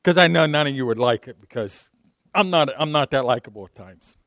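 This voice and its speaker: A male pastor preaching a sermon, lively and jokey, asking the audience questions. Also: medium pitch, a little fast, no room sound.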